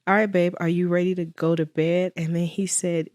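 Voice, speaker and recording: A woman's voice: lowish voice, level tone, moderate pace, darkish tone, no room sound, clean studio sound. A woman guest in an interview telling a personal story with earnest faith and quoted dialogue. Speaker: guest, widow.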